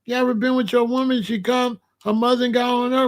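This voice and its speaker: High-voiced man preaching emphatic commentary. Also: steady tone, moderate pace. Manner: preachy, emphatic, repeats himself. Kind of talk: monologue commentary to camera.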